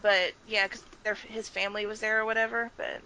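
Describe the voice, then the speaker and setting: A woman's voice: mid-range voice, flat delivery, a little fast, background noise. A woman co-hosting a casual chat, talking bluntly and with exasperation, swearing freely. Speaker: podcast co-host.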